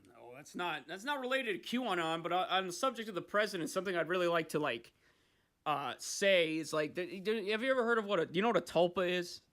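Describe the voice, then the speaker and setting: A man's voice: sits high, a little fast. A young man hosting a podcast, rambling and swearing in casual chat. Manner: rambling, profane, animated. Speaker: podcast host.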